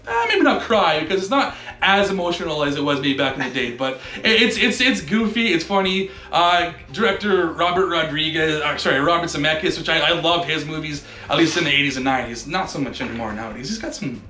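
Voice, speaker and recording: A man's voice: on the high side, animated, brisk, few pauses, pushed and bright, roomy sound. A man co-hosting a podcast in a casual chat who often stammers and repeats words as he shares trivia. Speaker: podcast co-host.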